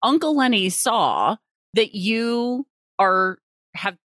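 A woman's voice: fairly high pitch, slow pace, dry recording, clean studio sound. A woman hosting a casual interview, affirming her guest and asking follow-up questions. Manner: lively, affirming, asks follow-ups. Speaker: host.

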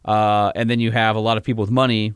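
A man's voice: on the low side, flat delivery, fast, clean tone, no echo, studio quality. A man co-hosting a podcast, chatting in an easygoing, joking way with lots of fillers. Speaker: podcast co-host. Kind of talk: casual chat.

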